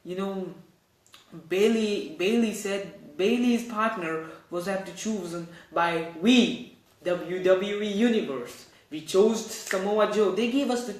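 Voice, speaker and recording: A man's voice: high-pitched, slow pace, echoey room, low-quality recording. A man hosting a casual wrestling news show, rambling and correcting himself as he talks. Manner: rambling, self-correcting, animated. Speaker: host.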